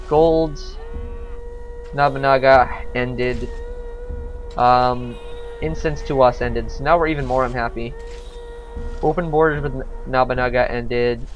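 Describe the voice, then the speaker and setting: A man giving casual let's-play commentary on a strategy game, thinking aloud with frequent hesitations. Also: medium pitch.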